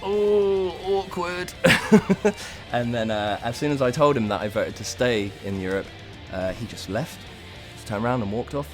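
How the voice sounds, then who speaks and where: A man's voice: lowish voice, brisk, hardly any pauses, soft background music. A young British man in a rock band, telling a road-trip anecdote casually and laughing often. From United Kingdom. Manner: animated storyteller, laughs often. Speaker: band member.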